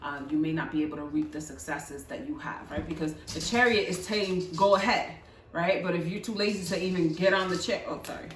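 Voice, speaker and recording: A tarot reader with a fairly low voice gives a pick-a-card reading, brisk, chatty and coaxing. She stumbles over repeated words and tags "right?" onto her points. She is recorded from a distance in an echoey room with faint background noise.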